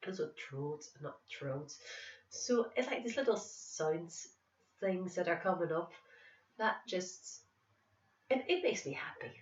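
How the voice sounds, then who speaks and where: A woman's voice: lowish voice, expressive, takes it slowly, pauses often. A woman doing a thick, sing-songy attempted Northern Irish accent in a playful way. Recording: echoey room, distant mic, dull sound.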